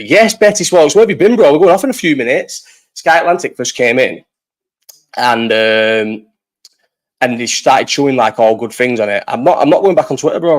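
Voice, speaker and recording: A young man, hosting a casual live-stream chat, swearing freely and often trailing off mid-sentence. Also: mid-range voice. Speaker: host.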